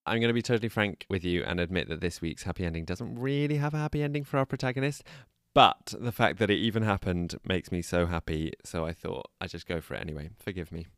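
A man's voice: sits low, quick pace, hardly any pauses, smooth, dry recording, studio quality. A man co-hosting a podcast, telling a story in a chatty, amused, self-deprecating way. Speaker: podcast co-host. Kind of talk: casual chat and storytelling.

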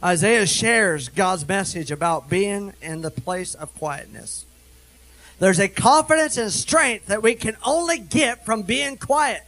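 A middle-aged man preaching a sermon as a minister, animated, darting through quick asides and slowing down to read scripture with heavy emphasis. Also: sits high, low-quality recording.

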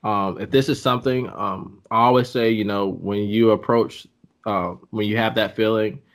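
A man hosting a casual podcast, giving reflective advice in a halting way with many ums. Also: on the low side, steady tone. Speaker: podcast host.

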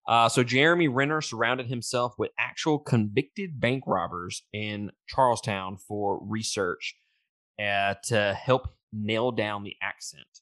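A low-pitched man co-hosting a laid-back movie podcast, running through his trivia notes with plenty of "uh"s and restarts. His voice sits close and dry on the mic, with no room sound around it. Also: a little slow, fairly bright tone, no room sound. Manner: reads trivia notes with filler and restarts, laughs easily. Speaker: podcast co-host. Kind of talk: casual movie podcast chat.

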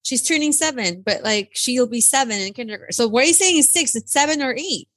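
Brief teasing woman co-host, brighter voice. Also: high voice, fast, no echo. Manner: teasing, animated, mixes in Spanish phrases. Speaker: podcast co-host. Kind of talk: casual chat.

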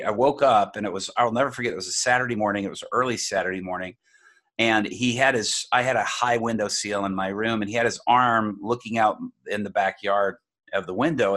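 A man with a fairly low voice tells a long personal story to an interviewer. He talks loosely and conversationally, circling back with restarts and fillers as he goes. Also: fairly bright tone. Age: adult. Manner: rambling, many fillers and restarts. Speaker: guest sharing a personal faith story.

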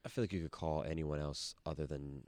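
A man chatting casually as a podcast co-host, animated and quick to jump in with questions and opinions. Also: a bass voice. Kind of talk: casual chat.

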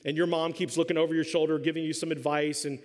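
High-voiced animated pastor in a reverberant hall. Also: male voice, quick pace. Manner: animated storyteller acting out voices. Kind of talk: sermon with a humorous story.

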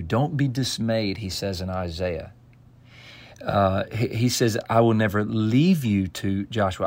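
A man's voice: on the low side, measured pace. A man giving devotional Bible teaching, earnest and emphatic, quoting scripture and often restarting phrases. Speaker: pastor.

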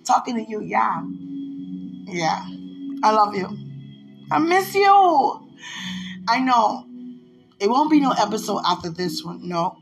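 A woman's voice: mid-range voice, expressive, measured pace, creaky, pauses often, low-quality recording. A woman in casual talk to the camera, gushing and giggling as she rambles, with her voice swinging up and down. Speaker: vlogger addressing a loved one. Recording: music bed under the voice. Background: music playing.

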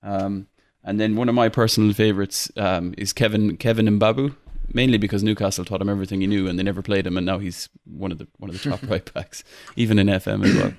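A man's voice: fairly low pitch, steady tone, fast talker, vocal fry, few pauses, a little mellow, dry recording. A young Irish man hosting a casual football podcast, chatty with many fillers and restarts, laughing often. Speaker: podcast host.

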